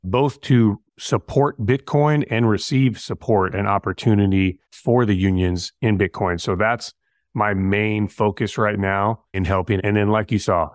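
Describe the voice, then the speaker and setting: Man with a lowish voice, middle-aged, relaxed slangy storyteller, dry close sound. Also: measured pace, no echo. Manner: laid-back, slangy, acts out dialogue. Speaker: firefighter guest. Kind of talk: casual storytelling interview.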